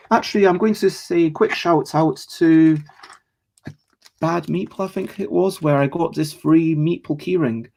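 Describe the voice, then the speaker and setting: A man's voice: fairly high pitch, creaky, a little mellow, breathy edge. A man hosting a casual live stream, rambling chattily about board games and greeting viewers in the chat as he goes. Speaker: streamer and host.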